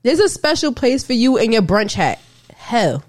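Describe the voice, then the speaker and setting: Blunt, mocking woman with a lively voice. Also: fairly high pitch, normal speed. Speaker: podcast co-host. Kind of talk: casual chat.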